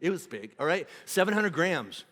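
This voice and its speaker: A high-voiced man pastor preaches to his church, spinning a comic story with lively swings from loud outbursts to hushed asides. His voice carries a long reverb from the big auditorium. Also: normal speed. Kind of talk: sermon.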